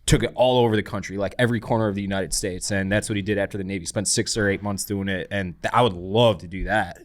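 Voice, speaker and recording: A man co-hosting a podcast, chatting casually in a relaxed, matter-of-fact way. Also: on the low side, quick pace. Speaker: podcast co-host. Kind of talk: casual chat.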